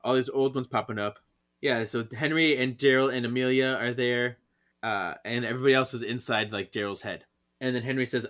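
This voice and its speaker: A man's voice: mid-range voice, fairly even intonation, brisk, fairly bright tone. A man co-hosting a podcast, chatting casually as he recaps a comic and giggles at it. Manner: giggly, acts out quoted lines. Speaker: podcast co-host.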